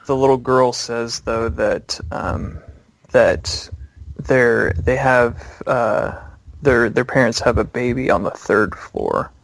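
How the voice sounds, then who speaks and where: Guy running a tabletop game, slow and gravelly, dry close sound. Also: mid-range voice, no room sound. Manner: slow, descriptive, with fillers. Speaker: game master.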